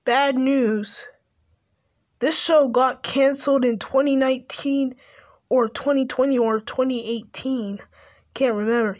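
Super high-pitched woman doing a fan cartoon dub, casual offhand aside, slow and drawn out. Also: steady tone, a little mellow. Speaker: fan dubber of a cartoon meme. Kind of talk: casual fan voice-over commentary.

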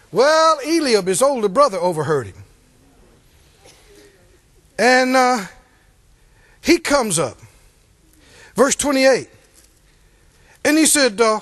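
Man, pastor, sermon, high voice, lively pitch, acts out voices, calls to the crowd. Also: normal speed, long pauses. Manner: animated, calls out to the congregation, acts out Bible voices.

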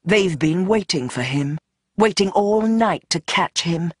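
Audiobook narrator with a tense, dramatic read and shifting pace; mid-pitched, dry close sound. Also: animated, a little slow, no echo. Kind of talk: scripted narration.

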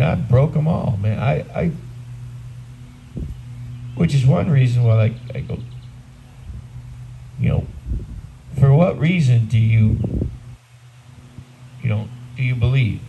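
A man's voice: mid-range voice, gravelly, warm tone, slight background noise, low-quality recording. A man in his sixties, a priest, preaching a homily in a blunt, conversational, self-deprecating way. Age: 60s. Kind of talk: sermon.

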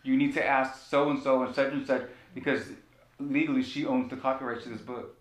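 Speaking at a normal speed in a steady tone, a male pastor shares a personal story with passion during his sermon, returning again and again to key phrases. The church sanctuary gives the recording an echo and a faint rumble.

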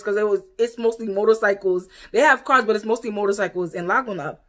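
A young woman from the United States telling a story to camera in a casual, animated way, acting out what other people said. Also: mid-range voice, fast talker, hardly any pauses. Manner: animated, quotes people in exaggerated voices. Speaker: vlogger.

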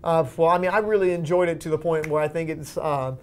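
An eager, chatty man hosts a relaxed movie chat. His voice sits a little high for a man. He keeps the conversation moving and turns questions over to his co-hosts. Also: fast talker, slight background noise. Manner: eager, chatty, steers the discussion. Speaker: podcast host.

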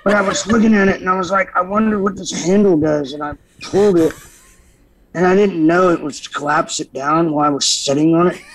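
Animated man telling wild stories. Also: fairly high pitch, a little fast, slight background noise, rough recording. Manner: animated, acts out his own past dialogue. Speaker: podcast guest, former stuntman. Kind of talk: casual storytelling.

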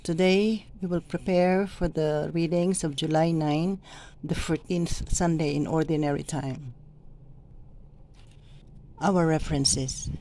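A middle-aged woman training church lectors, explaining how to proclaim the readings in a slow, deliberate way and stretching the words she stresses. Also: sits low, fairly even intonation, warm tone, a little hiss or hum. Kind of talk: instructional reading guide.

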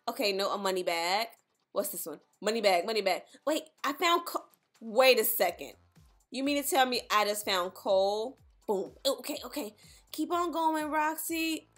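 A young woman commenting on her gameplay in an excitable, dramatic, chatty way, with faint music behind her. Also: fairly high pitch, normal speed. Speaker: gaming YouTuber.

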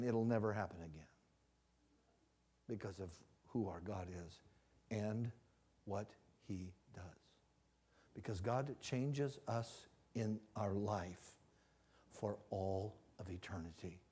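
A man evangelist preaching a sermon in a church, swinging from hushed passages to loud rising climaxes and acted-out stories. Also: fairly low pitch, slow pace, long pauses, breathy edge. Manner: storytelling with shouted acted-out cries. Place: church sanctuary.

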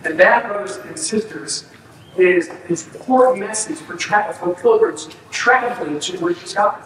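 A man's voice: high voice, measured pace, a bit bright, in a large hall, a little hiss or hum. A male pastor preaching a sermon in an earnest teaching manner, often checking in with "okay?" and "right?".

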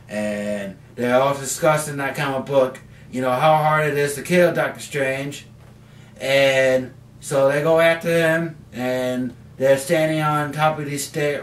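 Man comic vlogger, rambling and filler-heavy, set back from the mic in an echoey basement. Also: mid-range voice. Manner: rambling, many fillers and restarts. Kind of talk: casual comic review vlog. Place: home basement. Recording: roomy, mic at a distance.

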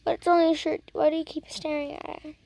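A woman's voice: sits high, level tone, fast, mellow. A young woman chatting casually as she reacts to videos, teasing and talking back at the screen.

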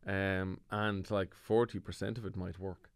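An Irish comedian with a lowish voice, telling stories in a wry, self-deprecating way during casual chat. The sound is close and dry, like a podcast mic with no room around it. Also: male voice, flat delivery, measured pace, smooth, dry recording. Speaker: comedian guest.

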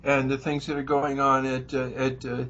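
An older man co-hosting a radio interview, speaking hesitantly with many fillers and a husky voice. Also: medium pitch, completely flat delivery, moderate pace, fairly bright tone, slight background noise. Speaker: radio co-host. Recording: dull lo-fi radio audio.

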